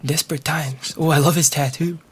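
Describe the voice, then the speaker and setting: A man's voice: on the high side, steady tone, a little fast, slight background noise. Young guy cursing and rambling through a let's play, goofy jokes. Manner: profane, rambling, jokey. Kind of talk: casual gameplay commentary.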